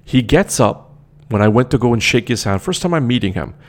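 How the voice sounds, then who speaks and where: A man's voice: medium pitch, lively intonation, a little fast. A young man telling a story in a casual, indignant rant, swearing often and repeating himself.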